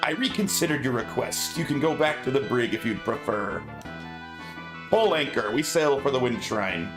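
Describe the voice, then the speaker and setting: A man's voice: medium pitch, animated, brisk, echoey room, over music, natural voice. A man voicing a swaggering pirate captain in disguise, with a put-on old-style pirate growl. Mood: gruff commanding.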